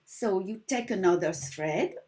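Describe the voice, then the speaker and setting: A woman teaching embroidery speaks at a medium pitch and a little slowly, her English carrying a French accent and being slightly broken since it is her second language. She patiently and gently shows viewers a stitch, step by step.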